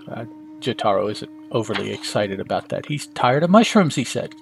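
Casting: chatty comic reviewer, gravelly, offhand asides. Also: male voice, mid-range voice, lively intonation, brisk, faint music behind. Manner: casual, chatty, asides and fillers. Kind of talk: casual comic read-through.

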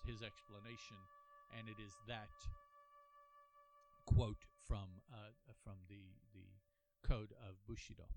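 Casual comic-review host, male, lowish and expressive voice, halting delivery. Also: slight background noise. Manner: halting, thinking aloud with frequent restarts; earnest and apologetic.

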